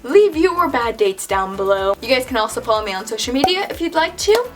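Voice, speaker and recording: A young woman vlogger telling a story in casual chat, animated and exasperated, with a steady stream of "like". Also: on the high side, fairly quick, music in the background. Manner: chatty, filler-heavy with frequent "like".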